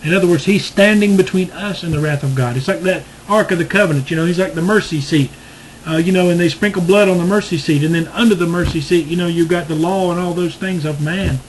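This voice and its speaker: A man preaching a sermon and leading a salvation prayer, earnest and repetitive, halting with fillers. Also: high-pitched, a little hiss or hum, poor audio.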